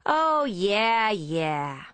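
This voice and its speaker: A woman's voice: mid-range voice, sing-song, extremely slow, a bit bright, smooth, no echo, pitched above the performer's own voice, heavily acted. A woman voicing a flirtatious, offhand American woman with a Texan accent, drawling and casual.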